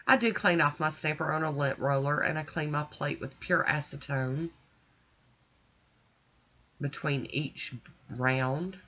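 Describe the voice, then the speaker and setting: Woman, stuffy nasal voice, bright and forceful, chatty nail host, dull lo-fi recording. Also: low voice, unhurried, pauses often. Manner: chatty, gushing and folksy. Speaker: nail art channel host. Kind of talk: casual demonstration chat.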